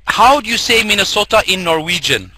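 A man moderating a webinar, chatty and quick to laugh, reading out poll results. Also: sits high, animated, sharp tone. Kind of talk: casual moderating.

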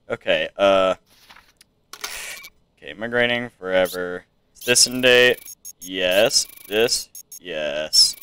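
A man's voice: on the low side, slow, long pauses, pushed and bright, clean tone. A man giving casual gameplay commentary, thinking aloud as he checks items off to himself. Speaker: game player.

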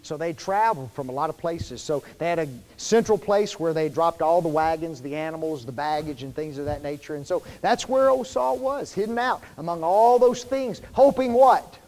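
High-pitched guy preaching in church, folksy, keeps quizzing the crowd, lots of hall reverb. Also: darkish tone. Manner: conversational, quizzes the congregation with fill-in questions; folksy, informal wording. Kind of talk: sermon. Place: church sanctuary.

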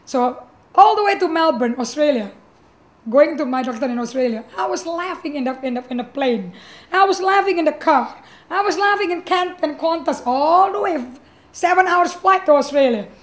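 A middle-aged woman, a pastor telling her personal testimony in an animated way with frequent restarts. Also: high-pitched, moderate pace. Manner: animated, acts out quoted voices, frequent restarts.

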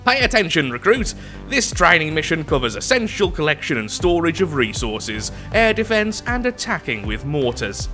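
A man's voice: on the high side, sing-song, moderate pace, sharp tone, soft background music. A man voicing a bossy male drill sergeant who barks orders at a recruit in a game tutorial. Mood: commanding.

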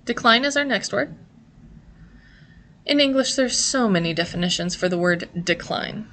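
Woman instructor, clear and methodical, mid-range voice, talking through a lesson. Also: medium pitch, lively intonation, normal speed, a bit bright. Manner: clear, patient, step-by-step. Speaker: sign language teacher. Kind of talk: instructional explanation.

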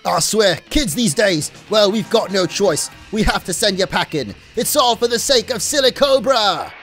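A man's voice: high-pitched, lively intonation, normal speed, fairly bright tone, soft background music. Man putting on a scolding British gang punk. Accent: put-on mixed British. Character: rowdy young punk gang member.

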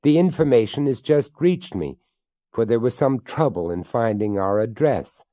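A man's voice: medium pitch, expressive, normal speed, warm tone, no room sound, pitched above the performer's own voice, natural voice. A man voicing a troubled young husband who speaks hesitantly and without enthusiasm. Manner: hesitant, trembling.

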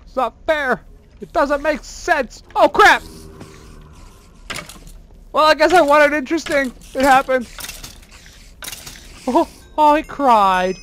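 A gamer giving let's play commentary, excitable and self-mocking, full of exclamations and whining at the game. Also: high voice, slow pace, pauses often, slight background noise.

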